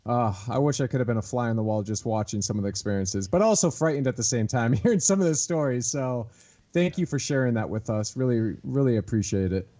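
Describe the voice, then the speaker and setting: A man's voice: medium pitch, expressive, fast talker, dark tone. A man hosting a podcast, talking with enthusiasm and laughing often. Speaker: podcast host. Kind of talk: casual podcast chat.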